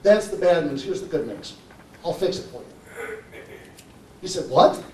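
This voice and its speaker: A fairly high-voiced man speaks to a conference crowd with a warm, mellow tone and a persuasive pitch. He keeps checking in with the audience. The sound is roomy and distant, as if caught from across a hall. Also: lively intonation, measured pace, slight background noise. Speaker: conference presenter. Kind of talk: live conference talk.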